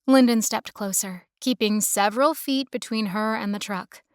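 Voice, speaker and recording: A woman narrating a romance audiobook in a steady, even storytelling manner. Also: a little high, normal speed, smooth, dry recording, studio quality.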